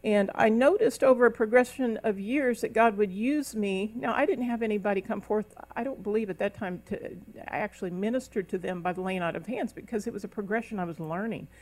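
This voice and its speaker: A middle-aged woman minister delivers a sermon at a church service, her voice medium-pitched and a little mellow. She speaks briskly with few pauses, in a preacherly, emphatic style. She breaks into tongues and rises into emphatic calls.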